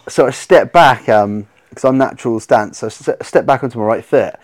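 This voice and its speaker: A man, a podcast guest telling animated stories in casual chat, swearing freely and acting out his own reactions. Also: mid-range voice, fairly quick.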